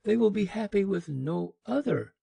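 A man voicing a sad, fading dream spirit that speaks in a mournful, pleading way, raised well above his usual pitch. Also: animated, normal speed, creaky, warm tone, slightly rough, no echo, full character voice. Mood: sorrowful pleading.

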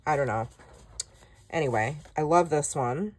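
Speaking at a measured pace in a low voice, a female craft vlogger flips through a product while chatting. She's gushing and excitable, gasping and exclaiming often.

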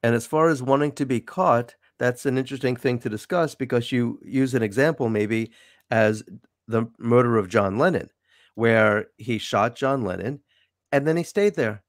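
Chatty New York host, dry sound. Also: male voice, mid-range voice, normal speed, no echo. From New York City. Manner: chatty, wry, animated sign-offs. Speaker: show host. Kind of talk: casual interview chat.

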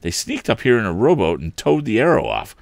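A man reading a storybook aloud, voicing an earnest young male inventor in a raised, excited voice. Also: fairly quick, creaky, dry recording, heavily acted. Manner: excited, pitched well above the reader's own voice.

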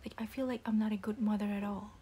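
A young woman playing a disappointed, stern single mother in a whispered role-play, speaking softly and haltingly with many restarts. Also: medium pitch, fairly even intonation, slight background noise, natural voice. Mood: hurt, disappointed. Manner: soft-spoken, halting with restarts.

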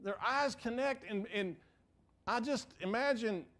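A male pastor preaching a sermon in a church, telling a story in a lively way with frequent repeated words. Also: very high-pitched, measured pace. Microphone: mic for preaching.

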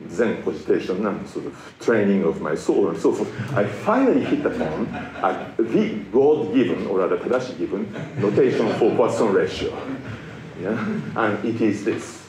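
A man's voice: lowish voice, normal speed, crowd noise. Playful male lecturer in a roomy hall. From Japan. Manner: playful, self-mocking, lively delivery. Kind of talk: public science lecture.

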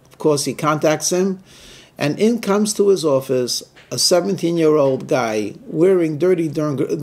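A man, a rabbi, telling a story as a weekly sermon and briefly voicing the people in it. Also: a little high. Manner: animated storyteller who voices the people in his stories.

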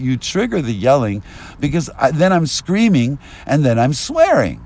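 Agitated rambling man, lively pitch. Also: moderate pace. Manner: agitated, rambling, swings into yelling. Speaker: vlogger. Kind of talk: rambling street monologue. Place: outdoors on a street. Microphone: binaural mic.

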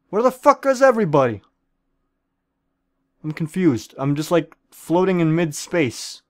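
A man's voice: on the high side, darkish tone, dry recording, clean studio sound. A man giving joking, profane commentary while playing a game, talking to the other players and playing up a comic celebrity-chef persona. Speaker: gaming video creator.

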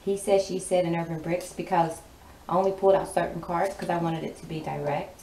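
A woman's voice: on the low side, fairly even intonation, a little fast, mellow. A woman giving a casual tarot reading in a sassy, emphatic way, often repeating her lines for effect. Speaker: tarot card reader. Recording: roomy, distant mic, clear background noise.

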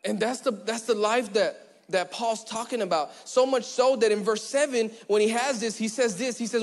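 A man preaching as pastor, chatty and joking, who slows down and goes quiet to stress a point. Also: high-pitched. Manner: conversational, joking, acts out little scenes; slows down and drops quiet for emphasis. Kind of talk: sermon. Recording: long church hall reverb.

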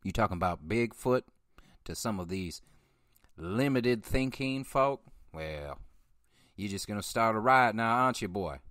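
A man imitating a folksy older small-town Southern sheriff, talking in a slow drawl and a low voice. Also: expressive, fairly bright tone, no room sound, clean studio sound. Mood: warning.

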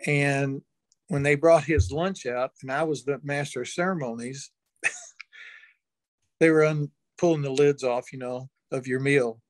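A man's voice: mid-range voice, a little slow, no echo. An older man, an interview guest, telling a long folksy anecdote and chuckling now and then. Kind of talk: storytelling in an interview.

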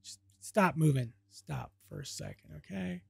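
A man's voice: a little high, expressive, measured pace, vocal fry, a little mellow, breathy edge, dry recording. A man playing a video game and commenting on it through a headset, irritated and swearing, muttering and then bursting out at the game. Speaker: gaming channel host. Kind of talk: let's play commentary.

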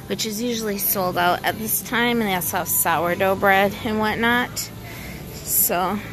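A woman's voice: medium pitch, rough recording. A woman chatting enthusiastically as she films a family trip vlog, with the hiccups. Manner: chatty, enthusiastic narrating while filming. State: has the hiccups. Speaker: vlogger, mother. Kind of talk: casual travel vlog. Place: car, then small grocery store, then bedroom.

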